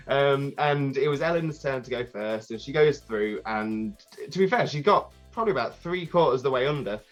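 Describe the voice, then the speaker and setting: A man, a podcast guest telling a rambling, animated story with many restarts. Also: medium pitch, normal speed, hardly any pauses, dull audio, faint music behind. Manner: animated, acts out crowd voices. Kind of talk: casual storytelling.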